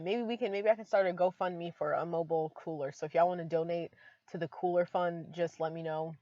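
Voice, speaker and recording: A woman's voice: fairly low pitch, dry recording, muffled recording. A woman vlogging from inside her car, chatty and emotional, with many fillers. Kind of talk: casual vlog talk to camera.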